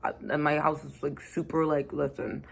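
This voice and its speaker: A woman's voice: low voice, little pitch movement, moderate pace, vocal fry, a little hiss or hum. A woman host talking in a casual, frank and rambling way, full of slang, about being a mother. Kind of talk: casual chat.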